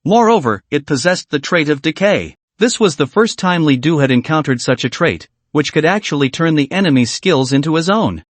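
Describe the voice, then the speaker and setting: A man giving a steady, scripted narration of a comic recap. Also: fairly high pitch, no echo. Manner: steady, even read with no fillers.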